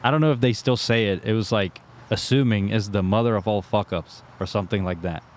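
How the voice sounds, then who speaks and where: A man's voice: fairly low pitch, fairly quick, a little hiss or hum. A man in casual podcast chat, laid-back, sharing crude stories. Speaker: podcast co-host.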